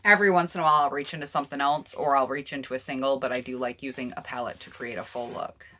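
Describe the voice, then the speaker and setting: A woman's voice: rumbling low, fairly even intonation, fast talker, bright, forceful tone. A woman beauty vlogger chatting casually through her eyeshadow palettes and talking straight to her viewers. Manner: chatty, personal opinions, addresses viewers directly. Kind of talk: casual makeup palette review.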